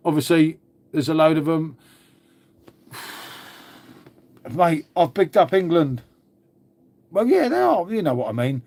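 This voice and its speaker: A man's voice: fairly high pitch, very animated, slow, vocal fry, long pauses, a little mellow. A man hosting a casual live stream, chatting to viewers, reacting to comments and calling everyone "mate". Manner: chatty, calls people "mate" constantly. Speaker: livestream host.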